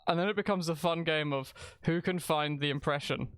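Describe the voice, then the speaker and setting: A man's voice: on the high side, a little fast, fairly bright tone, a little hiss or hum. A man streaming a video game, chatting casually and rambling as he thinks aloud, often restarting his sentences. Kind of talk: casual live-stream chat while gaming.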